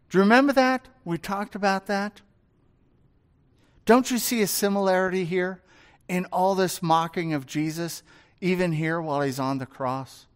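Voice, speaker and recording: A male pastor delivers a sermon in a high, light voice. He takes his time and lets each point land slowly. He often turns to the congregation with rhetorical questions. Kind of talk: expository sermon.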